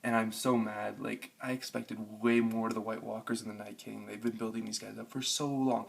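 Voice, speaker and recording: A man's voice: medium pitch, flat delivery, brisk, gravelly, slightly rough. A young man giving a frustrated, profane rant reviewing a TV episode, with lots of fillers. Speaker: TV review vlogger. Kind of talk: casual ranting review.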